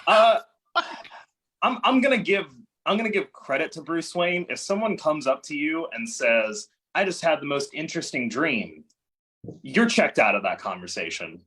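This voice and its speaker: A man's voice: a little high, expressive, moderate pace, fairly bright tone, slightly rough, rough recording. A man chatting on a podcast, chiming in with dry jokes. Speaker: podcast guest. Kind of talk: casual podcast chat.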